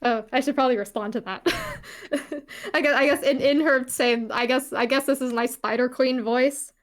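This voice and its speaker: A woman's voice: sits high, normal speed. Giggly, rambling woman playing a tabletop game. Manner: giggly, rambling, swears casually. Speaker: player. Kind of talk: casual tabletop game play.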